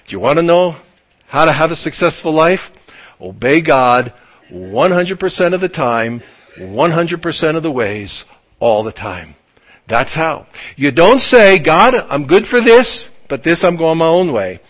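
A male preacher delivering a sermon with a high, lively voice. He swoops up and down in pitch and acts out quick bits of dialogue as he preaches. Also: dull audio. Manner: animated preaching with acted-out dialogue. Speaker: pastor.

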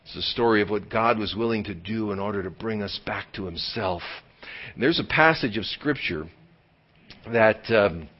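A man preaching a sermon as pastor, swinging from loud emphatic lines to hushed near-whispers and drawing key words out slowly. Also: fairly low pitch. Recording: dull lo-fi sound.

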